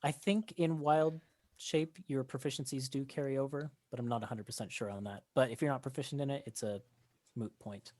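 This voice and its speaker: A game master narrating a tabletop game, talking haltingly with many fillers and restarts. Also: mid-range voice, steady tone, a little mellow, dry recording.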